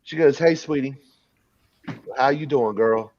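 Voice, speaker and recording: A man's voice: mid-range voice, measured pace, a little mellow, no room sound. Male host, casual crude storytelling, rambling delivery, dull lo-fi recording. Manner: rambling, crude, laughing at his own story. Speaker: podcast host telling a story. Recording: dull lo-fi sound, dry.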